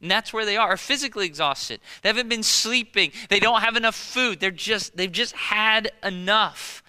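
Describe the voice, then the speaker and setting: A man preaching a sermon as a pastor, animated and conversational, with lots of rhetorical questions. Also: sits high, normal speed, clear, resonant tone, big-room sound.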